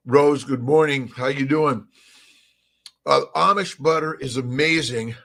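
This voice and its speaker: A middle-aged man with a gravelly edge hosts a casual morning livestream. He rambles cheerfully and greets his viewers one by one, and his voice sits at a middle pitch. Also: measured pace, a bit bright. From Southern California. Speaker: livestream host.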